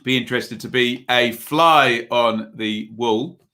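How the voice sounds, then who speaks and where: A man runs a live football watch-along stream, calling the action in a loose, chatty way. His bright voice has an edge of force as he rambles between the play and viewers' messages. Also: mid-range voice, takes it slowly. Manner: casual play-by-play mixed with reading viewer messages; rambling and chatty, with frequent fillers.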